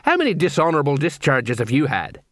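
A man voicing a plodding, middle-aged male watch sergeant who questions slowly and suspiciously. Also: fairly high pitch, huge pitch swings, fairly bright tone, no room sound, studio quality. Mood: probing.

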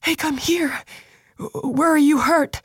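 A determined young soldier on a battlefield, talking low and urgently to his hurt brother, as a woman narrating puts him on. The voice sits a little above the reader's own, dry and close. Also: fairly even intonation, slow pace, no room sound. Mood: hushed. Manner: urgent, hushed. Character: young male soldier Thalen, determined under strain. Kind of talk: audiobook character voice.

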